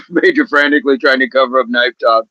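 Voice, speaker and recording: A man's voice: medium pitch, fairly quick, bright, forceful tone, dry recording, highs cut off. A man hosting a casual fitness livestream, chatting with viewers in a rambling way and laughing often.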